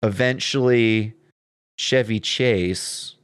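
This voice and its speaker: A man's voice: on the low side, extremely slow, clean tone, no echo, studio quality. A man co-hosting a casual podcast, rambling with fillers and reading film trivia aloud. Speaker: podcast co-host. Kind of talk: casual film-review chat.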